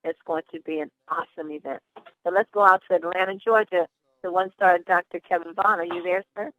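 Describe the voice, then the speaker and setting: Upbeat high-voiced man hosting a call. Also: fairly even intonation, a little fast. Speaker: call host. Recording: phone-line conference call.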